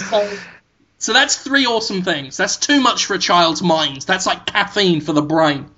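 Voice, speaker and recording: A man improvising an absurd comedic story in a rambling, deadpan way, full of "like" and "um", on a muffled recording. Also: high voice, a little slow, long pauses.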